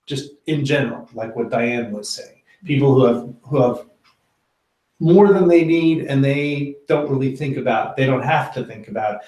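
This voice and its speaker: Male pastor, casual Bible-study teacher, chatty and halting, mid-pitched, roomy echo. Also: darkish tone. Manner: conversational, many fillers and restarts. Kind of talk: informal Bible teaching with discussion.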